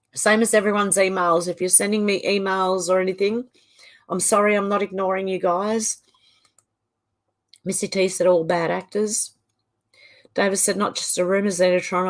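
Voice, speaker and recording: A middle-aged Australian woman hosts her own livestream, reading viewer comments aloud and chatting back casually. Her sentences often trail off and restart. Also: medium pitch. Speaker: livestream host.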